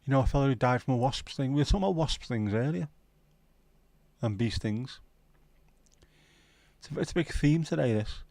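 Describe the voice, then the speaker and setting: A man's voice: medium pitch, animated, normal speed, creaky, pauses often, a little mellow, no echo. A man hosting a livestream, chatting casually and cheekily with viewers and reading out their comments by name. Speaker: livestream host.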